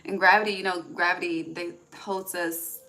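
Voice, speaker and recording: A woman's voice: lowish voice, steady tone, moderate pace, heavy background noise. A woman giving a casual, rambling tarot reading, laughing often and trailing off mid-sentence. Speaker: tarot reader.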